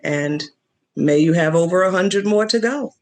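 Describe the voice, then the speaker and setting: A man's voice: sits high, moderate pace, a little mellow. A man guest speaking plainly and gratefully, with some fillers.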